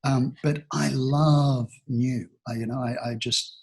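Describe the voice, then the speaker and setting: Man, 60s, from Australia, airy and breathy voice, reflective interview guest. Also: medium pitch, fairly even intonation, takes it slowly. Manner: thoughtful, rambling, many restarts and fillers. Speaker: talent agency founder, guest.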